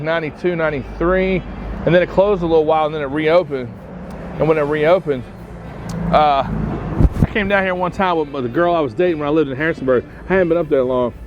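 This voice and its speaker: A man telling profane, animated stories as a podcast host while walking outdoors through his hometown. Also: a little high, dull audio, background noise. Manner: profane, animated storyteller who acts out quoted voices. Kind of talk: casual storytelling on a walking tour. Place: outdoors on a town street.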